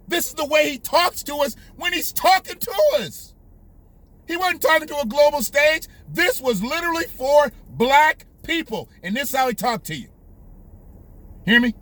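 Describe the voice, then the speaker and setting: A man's voice: extremely high pitch, animated, normal speed, sharp tone. A male host ranting in heated, profane, emphatic political commentary, repeating his points.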